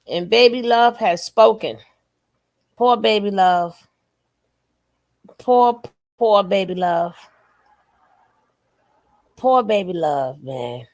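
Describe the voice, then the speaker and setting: A woman with a medium-pitched, creaky voice gives reaction commentary, emphatic and blunt, repeating her phrases again and again. She curses, then apologizes.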